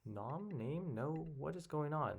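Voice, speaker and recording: A man's voice: a little high, lively intonation, slow, darkish tone, slightly rough. Man muttering through a crossword. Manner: muttering guesses, thinking aloud. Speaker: puzzle solver. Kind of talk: casual solo commentary while solving.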